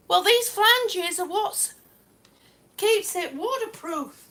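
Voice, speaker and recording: A woman's voice: very high voice, expressive, takes it slowly, sharp tone. A woman live-streaming a complaint about damaged tiles at home, exasperated and sarcastic, swearing now and then. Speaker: vlogger. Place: home, indoors.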